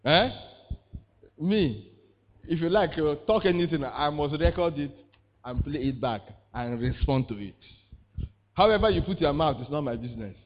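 Here the same call-and-response preaching comes in a slightly high, animated voice at a moderate pace, broken by frequent pauses. He repeats words and prompts the congregation with questions, and the audio is muffled and full of reverb.

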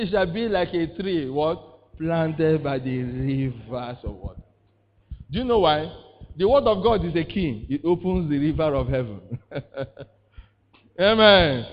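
A man's voice: fairly high pitch, expressive, unhurried. Preacher calling out to his congregation. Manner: call-and-response preaching, repeats words, asks congregation "eh?". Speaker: pastor. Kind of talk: sermon. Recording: reverberant, muffled sound.

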